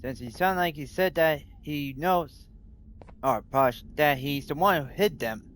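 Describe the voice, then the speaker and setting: A man's voice: fairly high pitch, unhurried, slight background noise. A male streamer giving rambling, mocking live commentary while playing a game. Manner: rambling, mocking, repeats a filler word. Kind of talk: live let's play commentary. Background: loud game music.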